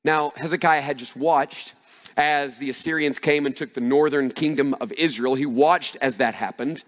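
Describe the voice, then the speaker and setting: A male pastor preaching a sermon in an emphatic style that builds to loud passages. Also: medium pitch, moderate pace. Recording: long reverb of a large hall.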